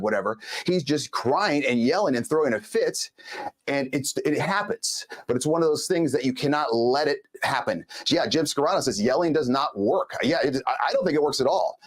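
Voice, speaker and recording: Chatty emphatic male show host. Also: mid-range voice. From Los Angeles. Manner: chatty, emphatic, talks to viewers directly. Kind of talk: live show monologue.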